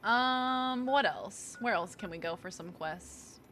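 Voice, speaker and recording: Chatting to viewers as she plays, this young Boston-accented streamer keeps up talkative, self-mocking gameplay commentary. Her mid-range voice is animated and sharp, delivered slowly, with a little background noise.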